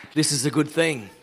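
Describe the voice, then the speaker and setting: A man's voice: a little high, noisy background. A middle-aged Australian man giving an earnest, conversational sermon-style talk as a guest speaker. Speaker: guest speaker, law firm owner.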